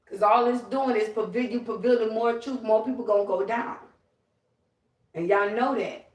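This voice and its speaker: A woman's voice: on the high side, normal speed, distant mic. Profane, ranting woman, off-mic. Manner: profane, emphatic, confrontational. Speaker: livestreamer. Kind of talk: livestream rant. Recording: roomy, away from the mic.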